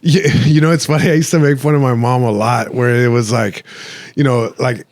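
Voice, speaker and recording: A man's voice: medium pitch, fairly even intonation, brisk, a little mellow, no room sound. A man hosting a podcast, talking reflectively in casual chat with many fillers and restarts, slipping into Spanish phrases. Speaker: podcast host.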